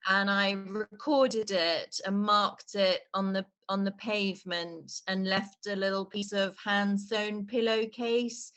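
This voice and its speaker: A woman performance artist speaking on a video call, earnest and halting, with many restarts and a voice heavy with emotion. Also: medium pitch, steady tone, a bit bright. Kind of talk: online exhibition talk.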